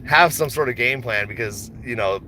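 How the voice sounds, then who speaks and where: A man hosting a stock livestream in a loose, rambling way, full of slang and easy laughter. His voice is bright and forceful with a tense edge. His pitch sits in the middle of the male range. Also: normal speed, slight background noise. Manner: rambling, laid-back, slangy, laughs often. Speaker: stock market livestream host. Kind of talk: casual livestream chat.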